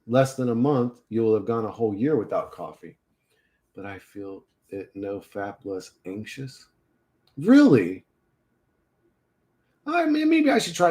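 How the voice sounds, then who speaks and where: A man chatting casually with his viewers, crude and profane, breaking into frequent laughter. His pitch swings widely, from low mutters to high exclamations. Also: darkish tone. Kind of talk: casual chat.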